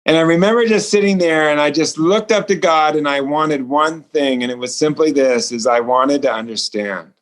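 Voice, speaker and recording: A man, an author and speaker, tells a personal story as a remote-call guest, sincere in manner and acting out what others said. He talks at a moderate pace with hardly any pauses, his pitch fairly high.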